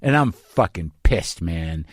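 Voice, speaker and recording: A man's voice: low-pitched, lively intonation, takes it slowly, no echo, clean studio sound. A man hosting a podcast, telling a story in a casual monologue, swearing often and mocking himself. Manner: profane, self-deprecating storytelling. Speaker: podcast host.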